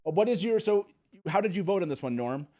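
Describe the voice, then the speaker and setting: A man's voice: high-pitched, animated, a little mellow. A man hosting a live call-in fan show, chatting casually and laughing often. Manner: laughs often, quick asides. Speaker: host.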